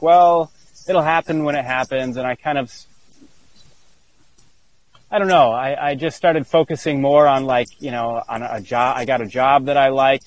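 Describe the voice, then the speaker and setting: A man as an interview guest, telling a personal story earnestly, halting with many restarts and fillers. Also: medium pitch, no room sound, low-quality recording.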